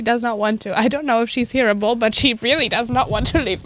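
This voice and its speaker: A woman streams from her home desk, her voice high and playful. She drifts into giggly baby talk with her cat between lines. Faint music plays underneath. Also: brisk, hardly any pauses, no room sound, studio quality. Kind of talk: casual live-stream chat.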